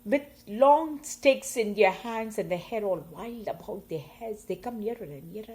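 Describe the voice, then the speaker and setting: A woman reading poems aloud, slow and expressive, her loudness swelling and fading with the lines. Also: mid-range voice, rough recording. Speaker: poetry reader. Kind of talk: poetry reading.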